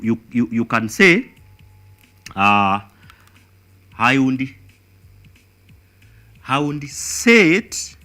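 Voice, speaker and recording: A man's voice: mid-range voice, sharp tone. A man with a Kenyan accent teaching an exam revision lesson, emphatic and repeating words as he thinks.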